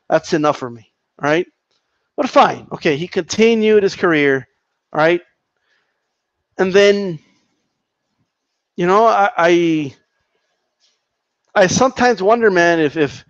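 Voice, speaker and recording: A man with a fairly high voice rants heatedly about boxing, swearing freely and circling back over the same points. He reacts to a live chat as he goes. The sound is dry and a bit dull, like a cheap home mic. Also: no echo. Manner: profane, heated, repetitive. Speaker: boxing commentator reading chat. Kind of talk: casual live-stream rant.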